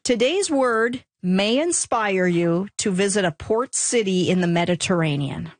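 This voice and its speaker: A woman's voice: mid-range voice, animated, unhurried, dry recording. Chatty woman hosting a radio show. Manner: chatty, laughs easily. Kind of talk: casual radio chat.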